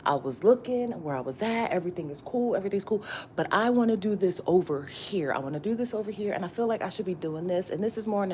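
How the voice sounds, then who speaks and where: A woman tarot reader talks straight to her viewers in a loose, slangy morning chat. She swears freely and repeats her points for emphasis. Her voice sits low, with faint background noise. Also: dark tone. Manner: repetitive and emphatic, often asking "you get what I'm saying?". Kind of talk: casual morning pep talk.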